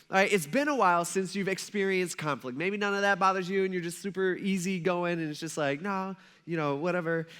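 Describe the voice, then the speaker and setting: Young guy pastor, high bright voice, chatty storytelling sermon to the church. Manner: conversational storytelling with frequent asides to the congregation. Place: church sanctuary.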